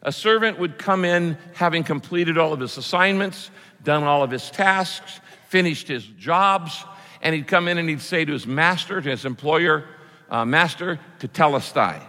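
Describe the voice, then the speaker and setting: A man's voice: fairly high pitch, normal speed, sharp tone, in a large hall. A man preaching a sermon as pastor, emphatic and repeating key phrases for weight.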